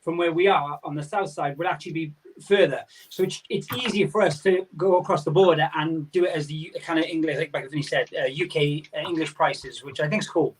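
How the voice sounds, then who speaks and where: A man's voice: on the high side, fairly even intonation, fairly quick, few pauses, breathy edge, distant mic, low-quality recording. A man joining a live stream as a guest over a video call, telling rambling stories. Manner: rambling, storytelling. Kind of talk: casual chat on a video call.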